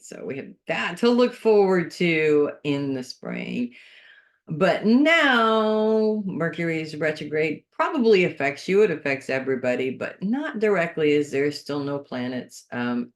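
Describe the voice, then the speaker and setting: An astrologer giving a casual, unscripted weekly horoscope, chatting and thinking aloud while offering earnest advice. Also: mid-range voice.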